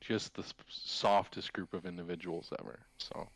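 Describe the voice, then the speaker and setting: A man's voice: low-pitched, moderate pace, creaky, a bit bright, slightly rough, no room sound. A man on a sports betting podcast, talking bluntly and crudely in a dismissive tone. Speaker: podcast co-host. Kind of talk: casual sports chat.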